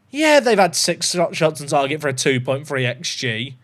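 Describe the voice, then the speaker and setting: A young man chatting through a football management game, joking and bursting into excited shouts. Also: a little high, normal speed, few pauses. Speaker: gaming YouTuber.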